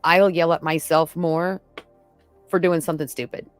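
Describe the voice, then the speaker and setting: A woman's voice: deep voice, fairly even intonation, normal speed, soft background music. A middle-aged woman, a mother, talking openly and chattily in casual podcast conversation. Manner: candid, chatty storytelling.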